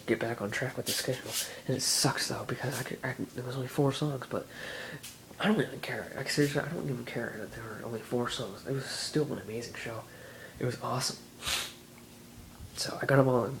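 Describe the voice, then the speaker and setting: An eighteen-year-old man vlogging casually, rambling excitedly and filling his talk with "like" and "you know.". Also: mid-range voice, gravelly, slight background noise, poor audio.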